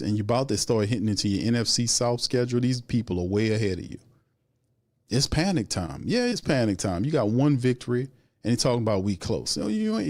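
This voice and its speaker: A man's voice: medium pitch, a little mellow, no echo. A man hosting a sports show, giving heated, opinionated commentary that rises into exasperated outbursts.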